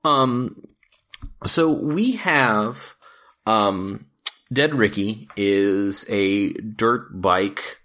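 A man co-hosting a casual podcast, excitable, swearing freely and laughing often. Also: on the low side, drawn-out words. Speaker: podcast co-host reviewing films. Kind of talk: casual chat.

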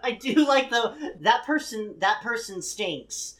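A woman whose pitch swings widely as she reads definitions aloud, then cuts in with quick, sardonic asides. She sounds like a comedy podcast co-host bantering with friends. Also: expressive, fairly bright tone. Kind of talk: comedic reading and riffing on online posts.

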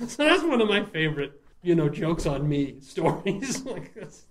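A man tells stories from his comedy theater work in a relaxed interview. He talks in animated bursts, laughs through his lines and often stumbles over restarts. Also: a little high, measured pace. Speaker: murder-mystery show writer and performer. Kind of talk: casual storytelling interview.

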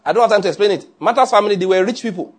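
A man preaching a sermon in an animated way, often checking with his listeners. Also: high-pitched, racing. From Nigeria. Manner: animated, asks the audience often.

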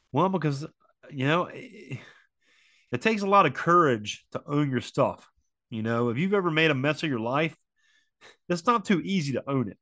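A man's voice: on the high side, expressive, moderate pace, long pauses, fairly bright tone, no echo. A grieving man in his forties talking earnestly about loss, repeating phrases and using many fillers. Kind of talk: emotional personal reflection on loss.

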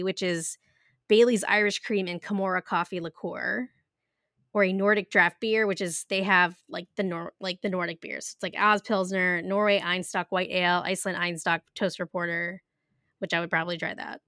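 A woman's voice: mid-range voice, fairly quick, pushed and bright, no echo, studio quality. A woman in her thirties chatting casually as a podcast co-host, giggly and full of fillers. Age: 30s. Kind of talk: casual chat.

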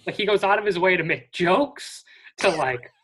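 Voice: mid-range voice, lively intonation, normal speed, fairly bright tone, breathy edge. A podcast co-host chatting casually and thoughtfully about a film. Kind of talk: casual movie review chat.

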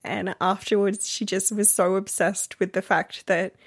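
A woman's voice: mid-range voice, level tone, measured pace. A woman in casual podcast chat, telling stories with amusement and laughing as she talks.

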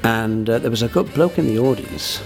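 A man being interviewed about his work, talking in a halting way that keeps doubling back on itself. His voice has a gravelly rasp at a middling pitch. Faint music sits under the conversation. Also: expressive. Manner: halting, full of restarts and fillers. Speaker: guest, impressionist performer.

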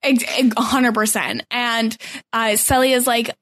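A woman's voice: on the high side, a little slow. A woman co-hosting a podcast, chatting casually through a recap, laughing often and acting out quotes. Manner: laughs often, quotes people in animated bits. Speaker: podcast co-host.

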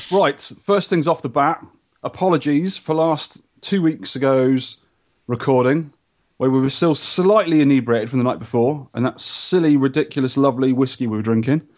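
A man hosting a podcast, his mid-pitched voice jokey and enthusiastic. He rambles along, piling up details as he chats. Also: normal speed, darkish tone. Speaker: podcast host. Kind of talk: casual chat.

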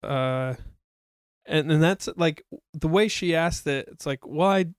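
A man's voice: fairly high pitch, takes it slowly, smooth, dry recording, studio quality. A man co-hosting a casual chat, telling a story in a wry, rambling way.

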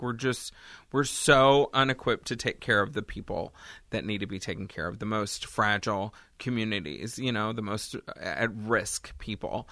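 A comedian hosting a casual chat, rambling and joking with quick tangents. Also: mid-range voice, fairly bright tone, no room sound. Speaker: comedian and host.

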